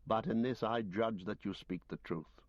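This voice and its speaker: A stern, grave lord passing judgement, speaking in formal, measured, solemn tones, as a man puts him on for an audiobook. His voice sits low. The recording is dull, lo-fi and dry. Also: dry recording, close to an everyday voice.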